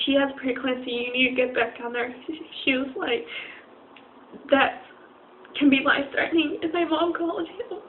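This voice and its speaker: A young woman telling a personal story on a vlog, halting and often near tears, with many fillers and restarts. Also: high voice. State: crying at times. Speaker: vlogger. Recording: tinny phone-like recording with faint noise.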